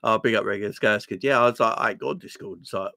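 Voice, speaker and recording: A man's voice: lowish voice, fast talker, creaky, sharp tone, dry recording. Laid-back man hosting a live chat. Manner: laid-back, laughs often, reads chat comments aloud; addresses viewers as "my friend" and "man". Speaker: livestream host.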